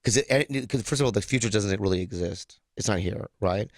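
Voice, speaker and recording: A man's voice: fairly low pitch, brisk, gravelly, no echo, clean studio sound. A man who is a comedian, guesting on a radio show and telling rambling, self-deprecating stories. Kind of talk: casual radio interview. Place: radio studio.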